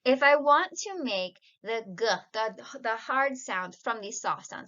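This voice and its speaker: A woman's voice: a little high, big pitch swings, takes it slowly, bright, forceful tone, dull audio. A woman teaching a casual video lesson, patiently explaining and mixing Spanish words into her English.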